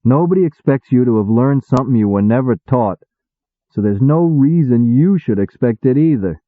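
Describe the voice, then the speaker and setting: A man's voice: medium pitch, lively intonation, moderate pace, dry recording, voice pushed up, natural voice. A man voicing an impatient, wisecracking male demon who talks bluntly in slang, on a tinny recording. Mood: gentle. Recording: tinny phone-like dry sound.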